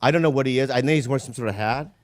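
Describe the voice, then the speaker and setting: A middle-aged man hosting a podcast in a casual chat, teasing playfully with quick giggles and stumbling restarts. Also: medium pitch, dry recording. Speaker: podcast host.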